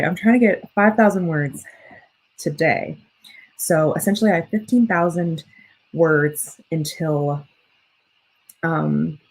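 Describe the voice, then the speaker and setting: A woman's voice: sits low, a little mellow, husky, poor audio. A young woman hosting a casual livestream, chatting with viewers and reading their comments in a rambling, self-correcting way. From United States. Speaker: livestream host and student writer.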